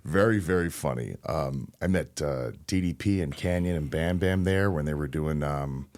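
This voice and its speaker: A man in his thirties, a wrestler and interview guest, telling stories in a relaxed, anecdotal way with laughs between lines. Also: very deep voice, normal speed. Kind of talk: casual interview storytelling.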